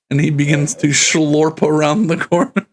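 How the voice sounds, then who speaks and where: A man running a tabletop game, narrating in a loose, rambling way with frequent laughter. His voice sits a bit high, and he takes his time, drawing out each description. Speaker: game master.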